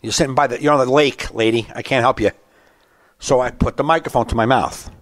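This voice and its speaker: Animated man in his thirties, storytelling. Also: medium pitch, a little fast, no echo. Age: 30s. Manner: animated storyteller, acts out rants. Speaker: stand-up comedian, podcast co-host. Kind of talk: casual podcast chat.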